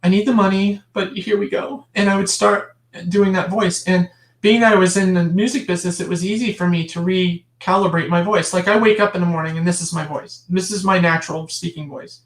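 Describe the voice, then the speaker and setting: A woman's voice: on the low side, steady tone, a little fast. A woman guest talking in a casual interview, emphatic and impassioned, often restarting her sentences and adding asides. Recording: roomy echo.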